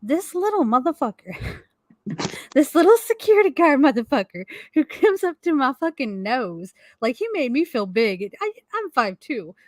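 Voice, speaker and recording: This middle-aged woman's voice is high, at normal speed, as she co-hosts a live stream from home and tells a meandering, profanity-heavy story with lots of laughing and animation. Studio quality, no room sound.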